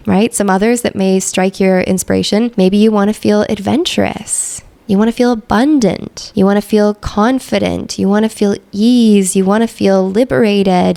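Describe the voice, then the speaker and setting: A young woman coaching her listeners through a casual guided reflection, with a gravelly fry under her mid-pitched voice. She talks loosely and warmly, tossing in lots of "like" and "right?" along the way. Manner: chatty, many "like" and "right?" fillers. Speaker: podcast host and coach.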